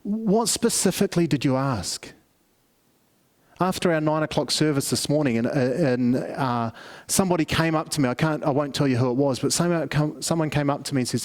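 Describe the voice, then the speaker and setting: A man's voice: a little high, fairly quick. A middle-aged man preaching a family service sermon, telling stories conversationally with many restarts. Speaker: pastor.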